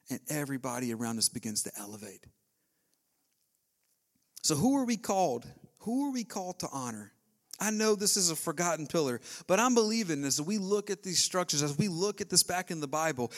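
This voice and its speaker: A man preaching a sermon, animated and conversational, acting out little asides as he goes. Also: a little high, brisk. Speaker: pastor.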